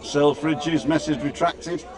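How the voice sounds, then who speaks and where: Out on a busy street, with crowd noise all around, a British livestream host chats casually, greeting viewers by name and reading their comments with dry, wry remarks. He speaks slowly, his voice slightly high and his intonation fairly even.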